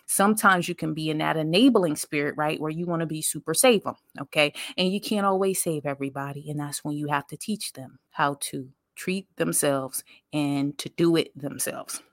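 Woman, podcast host, low voice, dry close mic, emphatic storytelling. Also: a bit bright, no echo. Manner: conversational, faith-filled, emphatic, addresses listeners directly. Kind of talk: casual storytelling monologue.

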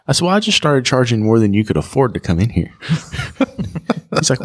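A man's voice: mid-range voice, very animated, a little fast, darkish tone, husky. A man, a podcast co-host and shop owner, telling stories in casual chat and acting out customers' voices.

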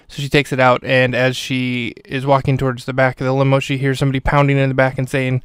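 A man's voice: mid-range voice, completely flat delivery, fast, few pauses, clear, resonant tone, dry recording, clean studio sound. A man hosting a podcast, recapping a film in a chatty, wry way. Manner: chatty, wry, mock-serious ad voice. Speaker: podcast host. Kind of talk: casual episode recap and mock ad read.

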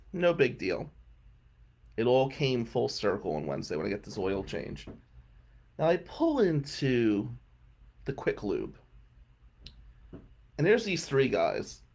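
Male radio host telling a story, keeps clearing his throat, middle-pitched, chuckles in it. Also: darkish tone. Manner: clears throat often, chuckles mid-sentence. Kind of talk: casual comic storytelling.

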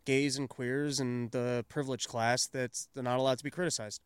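A man's voice: mid-range voice, flat delivery, normal speed, clear, resonant tone, no echo. A man co-hosting a podcast, adding dry, sarcastic asides to the political talk. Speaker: podcast co-host. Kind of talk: casual political commentary.

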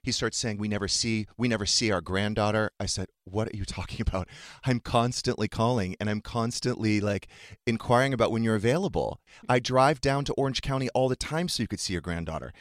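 A man's voice: on the low side, no room sound, clean studio sound. A man hosting a talk podcast, candidly and emotionally retelling a painful family fight in casual chat. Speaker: podcast host.

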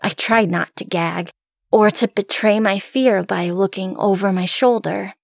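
A woman reading a first-person horror story aloud, hushed and suspenseful. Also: mid-range voice, steady tone, measured pace, vocal fry, no echo, studio quality.

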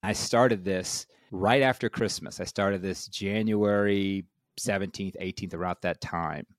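A man's voice: sits low, steady tone, a little slow, dry recording, studio quality. A man in his forties, a guest telling his story candidly and acting out quoted voices with animation. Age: 40s.

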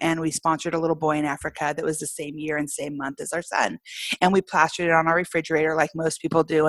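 Middle-aged woman guest with a low, gravelly voice and a dry, close sound, talking animatedly and acting out quoted lines. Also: no room sound. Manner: animated, laughs often, acts out quoted voices. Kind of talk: storytelling in a casual interview.

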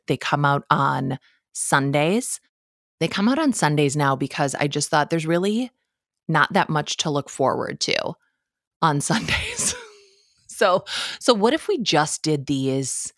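A woman's voice: low-pitched, no room sound, studio quality. A woman with a Midwestern American accent hosting a solo podcast from her home office, chatting in a casual, self-deprecating way and laughing often. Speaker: podcast host.

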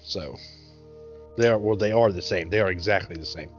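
A man with a low voice plays a tabletop game over an online call, slow and hesitant. His words drawl out. The sound is dull and lo-fi. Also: faint music behind. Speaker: player. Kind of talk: casual game chat.

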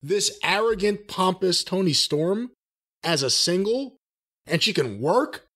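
A man with a slightly high voice co-hosts a podcast, chatting frankly and eagerly with casual swearing. He speaks in a relaxed, conversational way. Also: slow. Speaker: podcast co-host.

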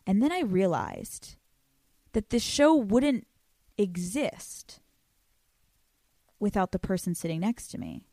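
A young woman hosting a podcast in casual chat, brash and profane, talking excitably. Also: medium pitch, moderate pace, pauses often, no room sound. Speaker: podcast host.

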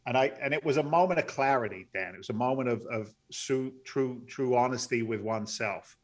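Middle-aged guy on a podcast telling his story, earnest, choked up, gets loud and excited. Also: mid-range voice, fairly quick. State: close to tears. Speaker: podcast guest. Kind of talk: emotional storytelling interview.

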